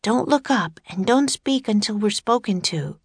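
A bright, eager young girl chirps away, her voice lifted high above the reader's usual tone, as a woman acts her out. Her lines are steady and unhurried, recorded close and dry. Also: husky, no room sound. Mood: earnest.

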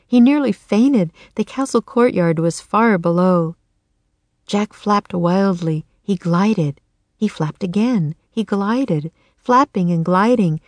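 A woman narrating a children's chapter book in a clear, measured storytelling manner. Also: medium pitch, darkish tone, dry recording. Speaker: audiobook narrator. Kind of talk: children's audiobook reading.

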